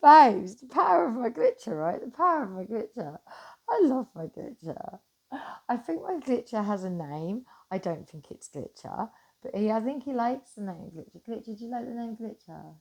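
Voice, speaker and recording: Gravelly, animated woman. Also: fairly high pitch, moderate pace. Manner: animated, swears freely, swings from loud to hushed. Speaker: vlogger. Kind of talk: casual chat to camera.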